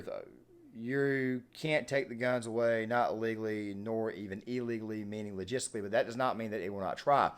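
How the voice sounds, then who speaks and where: A man hosting his own channel, delivering unscripted political commentary in an animated, emphatic way, with frequent fillers and restarts. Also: on the low side.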